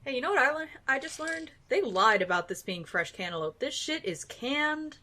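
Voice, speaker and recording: A woman player in a tabletop game with a bright, lively voice that swings all over. She is brash and fast to joke, and she swears freely. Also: sits high.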